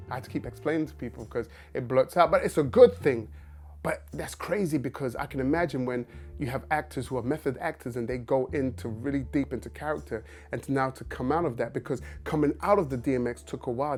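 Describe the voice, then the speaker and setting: A man's voice: medium pitch, darkish tone. Male actor, casual talk to camera, chatty with restarts, quoted asides, faint music behind.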